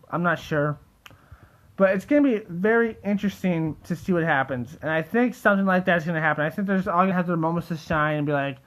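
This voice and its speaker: Young male host, high-pitched, rambling and excitable, casual delivery with constant fillers. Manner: rambling, full of "like" and restarts, excitable. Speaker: theory video host. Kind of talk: casual solo monologue.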